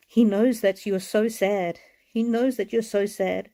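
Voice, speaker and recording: A woman giving a live oracle card reading, speaking in a gentle, heartfelt way, repeating her words and sounding tearful. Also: mid-range voice, fairly even intonation, takes it slowly.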